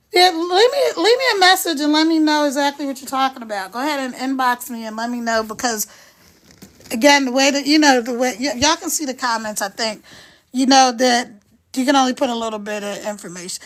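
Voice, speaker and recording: A woman in her sixties with a high, slightly bright voice chats casually with her live-stream viewers. Frank and talkative, she greets people by name and replies straight to their comments.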